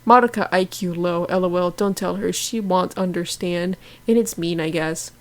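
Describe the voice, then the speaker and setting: Brief: woman reading fanfic aloud, deadpan, mock-serious commentary. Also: lowish voice, normal speed.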